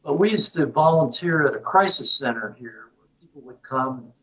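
A man in his eighties telling a story to his host in a casual, unhurried way, pausing on many "uh" fillers. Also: medium pitch, expressive, a bit bright, distant mic, rough recording. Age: 80s. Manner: unhurried, halting, with frequent "uh" fillers. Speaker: guest.

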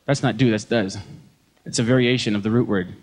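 A man preaching from a concert stage in a folksy, joking, animated storytelling way. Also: lowish voice, a little fast. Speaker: singer and preacher. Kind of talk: live concert sermon talk. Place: concert stage before an audience.

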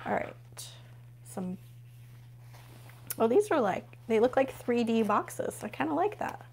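A chatty woman hosts a relaxed live stream from home. Her voice sits a little high, and she gushes over each new find while chatting with her viewers. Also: a little slow, pauses often, breathy edge. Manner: gushing, chatty, talks to viewers while flipping pages. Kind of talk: casual live unboxing chat.

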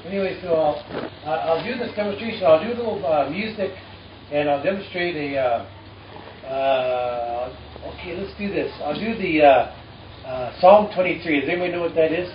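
A man teaching a live audience in a relaxed way, speaking haltingly with many fillers and dry jokes. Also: on the high side, slight background noise. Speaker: musician and storyteller addressing an audience. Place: live performance before an audience. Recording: distant, roomy and dull with faint ambience.

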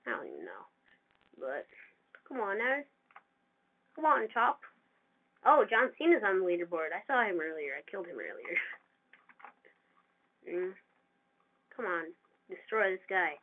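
A gamer giving casual, excitable commentary over their own gameplay and trash-talking opponents. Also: mid-range voice, normal speed, pauses often. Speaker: gamer narrating own play. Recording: tinny lo-fi mic with faint hiss.

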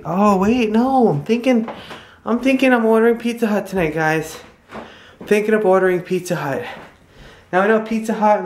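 A woman's voice: mid-range voice, darkish tone, echoey room, slight background noise. A young woman vlogging at home with a handheld camera, chatty. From New Jersey, New York area. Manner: chatty, cooing baby talk to a child. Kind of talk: casual home vlog. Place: home, indoors.

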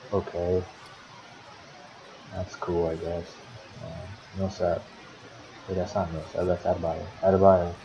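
A man's voice: sits low, gravelly, darkish tone, a little hiss or hum. A man casually calling the play-by-play of a simulated basketball game for his own team, swearing often and grumbling at his players. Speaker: team manager commentating a basketball sim league. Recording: dull lo-fi recording.

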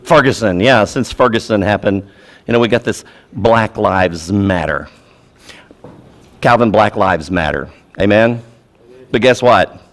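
A man preaching a sermon as pastor, repeating key phrases and swinging between loud urgency and quiet, low emphasis. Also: unhurried, long pauses.

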